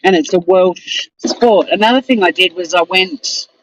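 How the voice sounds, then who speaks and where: A woman's voice: fairly low pitch, moderate pace, muffled recording. A woman with an Australian accent, hosting a casual live stream and chatting in a rambling, exasperated way.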